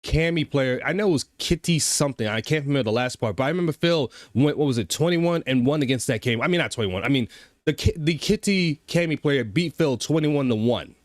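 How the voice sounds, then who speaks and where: A man's voice: mid-range voice, animated, a little fast, no room sound, studio quality. A man hosting a casual reaction commentary, talking to chat and scolding a streamer with exasperated repetition.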